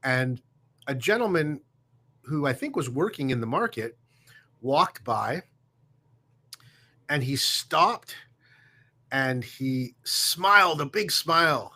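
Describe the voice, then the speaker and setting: A man, a guest on a show, telling a story in a reflective way, with fillers and pauses. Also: a little high, animated. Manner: warm, reflective, halting with fillers. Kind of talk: casual storytelling.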